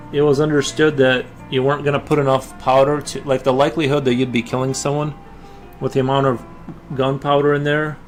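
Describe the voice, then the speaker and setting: A man chatting casually with his viewers while drawing on a livestream, rambling with frequent restarts. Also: mid-range voice. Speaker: livestream artist.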